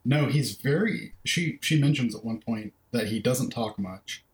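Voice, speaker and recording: A man's voice: mid-range voice, a little slow, reverberant, low-quality recording. A man co-hosting a film podcast in casual discussion, thoughtfully recounting scenes in detail. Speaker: podcast co-host.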